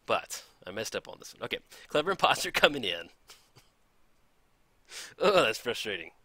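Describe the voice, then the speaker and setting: An excitable man narrates his card game play in a casual, chatty way, laughing often and cheerfully owning up to his slip-ups. His voice is bright and forward, with lively swings in pitch. The sound is dry and close. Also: dry recording. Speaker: gameplay commentator.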